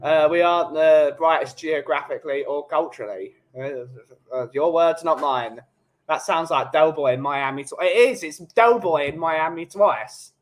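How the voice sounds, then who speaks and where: A man with a London English accent, hosting a relaxed coffee chat stream and bantering jokily with his live chat. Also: a little high, normal speed, rough recording. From England. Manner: jokey, rambling banter.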